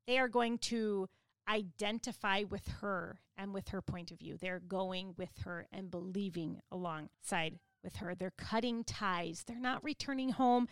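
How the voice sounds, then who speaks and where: A woman's voice: medium pitch, clear, resonant tone, no echo. A woman giving an earnest, explanatory Bible study lesson. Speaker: Bible teacher.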